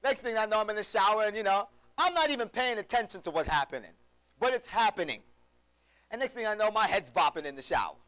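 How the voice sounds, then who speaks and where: A man's voice: high voice, animated, fast talker, bright, forceful tone, rough recording. A male preacher giving a sermon in a church, telling a story with lots of rhetorical questions to the congregation.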